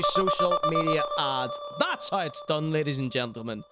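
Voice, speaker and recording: A man's voice: medium pitch, animated, moderate pace, hardly any pauses, loud music behind the voice. A man hosting a show, commenting on clips casually and enthusiastically, often repeating himself. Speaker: show host.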